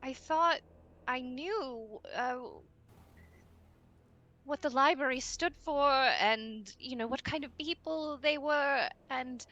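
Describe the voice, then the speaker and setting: A woman's voice: high voice, bright, forceful tone, highs cut off, voice pushed up, full character voice. A woman doing a shaken, stammering young woman. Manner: stammering, halting.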